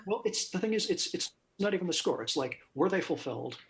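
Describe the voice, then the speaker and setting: Calm, gravelly man running a tabletop game. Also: high-pitched, a little hiss or hum. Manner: calm, measured narration in second person. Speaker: game master.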